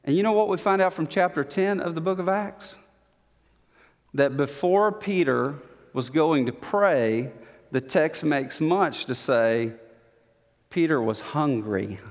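A man with a high voice preaches slowly, lingering on words with dramatic pauses and repeating lines for emphasis. His voice rings out with the long reverb of a large church hall. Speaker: pastor. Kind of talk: sermon.

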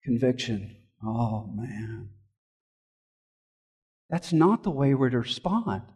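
High-voiced man preaching in a big hall. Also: fairly bright tone. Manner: earnest, emphatic preaching with rhetorical questions. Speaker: pastor. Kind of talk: sermon.

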